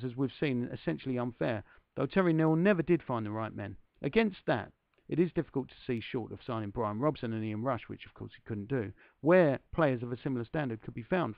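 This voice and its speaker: Gravelly-voiced man reading with chatty asides. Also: mid-range voice, expressive, brisk, dry recording, lo-fi sound. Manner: self-deprecating, addresses listeners directly. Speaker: podcast host.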